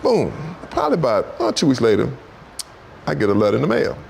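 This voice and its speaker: A man telling stories on a talk show, in an animated, repetitive way, jumping into high voices for quotes. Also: quick pace, creaky, slight background noise. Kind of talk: storytelling talk-show chat.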